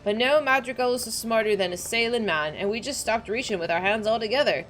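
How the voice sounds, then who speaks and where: A woman's voice: fairly high pitch, brisk, fairly bright tone, natural voice. A woman voicing a rowdy, boastful male pirate sailor while reading game dialogue aloud. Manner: folksy salty sailor talk.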